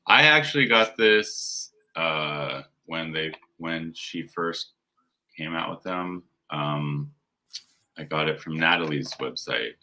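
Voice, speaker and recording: A man hosting a casual interview, easygoing and quick to agree with his guest. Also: a bass voice, lively intonation, bright, forceful tone. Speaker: host.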